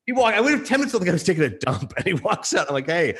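Quick husky-voiced guy guest, talks fast and excited, voice bounces all over. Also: high-pitched. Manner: quick, enthusiastic, eager to retell shared stories. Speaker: podcast guest, sports broadcaster. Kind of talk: casual conversation.

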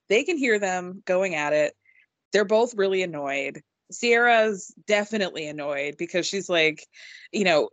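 A woman's voice: fairly low pitch, a bit bright, no echo. Chatty young woman podcast co-host. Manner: chatty, swears freely, frequent ums. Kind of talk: casual recap chat.

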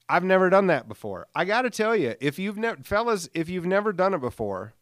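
A man's voice: sits high, big pitch swings, brisk, fairly bright tone, no room sound, studio quality. A man in his late thirties hosting a solo podcast, rambling casually with lots of fillers, self-mocking jokes and swearing. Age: late 30s. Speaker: podcast host. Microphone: studio microphone.

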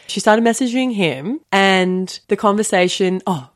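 A young woman co-hosting a podcast, telling a story in a casual, animated way, with many fillers and quick laughs. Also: mid-range voice. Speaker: podcast co-host.

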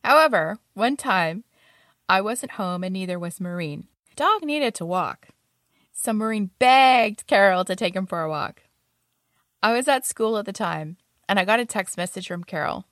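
A woman's voice: on the high side, expressive, normal speed, fairly bright tone, no room sound, clean studio sound. A young adult woman casually telling stories about her roommates, often laughing as she talks. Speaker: storyteller.

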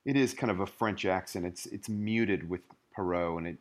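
A man's voice: low-pitched, normal speed, slight background noise. A man co-hosting a casual book-club podcast, wry and playful. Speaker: podcast co-host.

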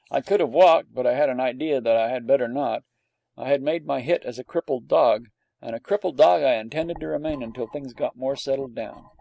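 A man with a gravelly voice reading a storybook aloud in a dry, wry first-person telling. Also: mid-range voice, dark tone, dry recording, muffled recording. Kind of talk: storybook narration.

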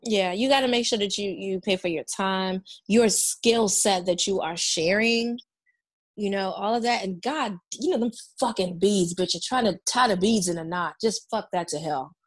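A woman's voice: medium pitch, normal speed. A woman co-hosting a casual chat, brash and profane, who slips into mock voices to make her point.

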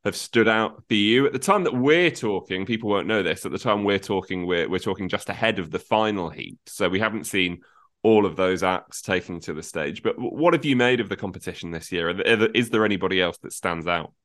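A man's voice: deep voice, brisk, fairly bright tone. A man interviewing a guest on a podcast, often repeating words as he frames his questions. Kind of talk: casual interview.

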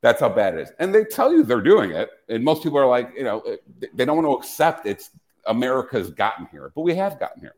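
A man's voice: mid-range voice, big pitch swings, fast, darkish tone. A man hosting a casual podcast, ranting with profanity and frequent restarts. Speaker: podcast host.

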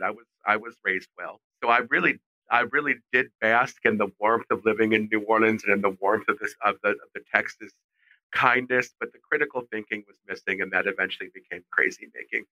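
Middle-aged man, very bright voice, expressive storyteller, dry close sound. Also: fairly low pitch, quick pace, no room sound, muffled recording. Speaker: fashion designer guest. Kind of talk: storytelling in a podcast interview. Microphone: remote call mic.

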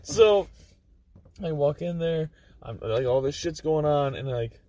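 A man guest on a podcast, telling a story in a casual, animated, profane way. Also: a little high, measured pace, distant mic.

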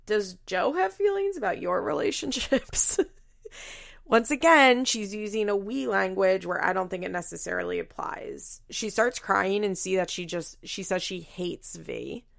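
Chatty woman laughing thru a show recap, lots of "like", gravelly voice, dead dry room. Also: medium pitch, a little slow, fairly bright tone, no echo. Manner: chatty, laughing, heavy use of "like". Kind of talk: casual chat recapping a show.

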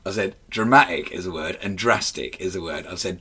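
A man's voice: sits low, brisk, noisy background. A man with an Essex accent co-hosting a podcast, telling stories and swearing freely in casual banter. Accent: Essex English. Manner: animated storyteller, swears freely, laughs mid-story. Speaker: podcast co-host.

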